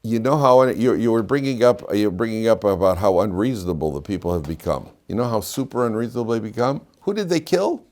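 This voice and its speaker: A middle-aged rabbi giving a lively classroom lecture, telling stories and quizzing his students. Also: brisk, few pauses. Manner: animated storyteller, swings between loud emphatic peaks and low asides, quizzes students.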